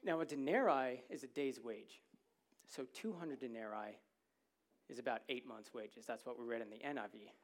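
A man's voice: mid-range voice, moderate pace. A man preaching a sermon to a congregation in a church, in a conversational, humorous way, often checking in with "right?".

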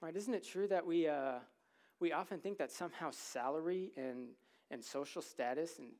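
A man delivers a sermon to his congregation in a church, with a voice pitched somewhat high for a man. He talks in a loose, conversational way, joking with the crowd and often asking "right?" to pull them along. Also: moderate pace, darkish tone. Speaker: preacher.

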